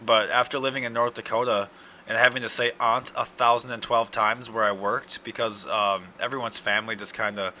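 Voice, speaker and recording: A young man with an Upper Midwest accent, hosting a casual solo podcast, ranting and cursing in loud outbursts, his throat dry from yelling. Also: medium pitch, little pitch movement, brisk, a little hiss or hum. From Wisconsin. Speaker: podcast host.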